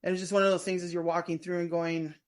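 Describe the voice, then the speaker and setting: A fast-talking woman with a fairly low pitch and flat delivery appears as a podcast guest. She draws on her past as prison staff and her work as a tour guide, storytelling casually in a meandering way and frequently restarting what she says.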